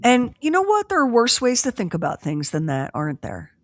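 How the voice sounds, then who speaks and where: A woman's voice: on the high side, wildly swooping pitch, brisk, no room sound, clean studio sound. A woman hosting a podcast, chatting casually in a wry, drawling way. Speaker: podcast host. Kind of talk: casual chat.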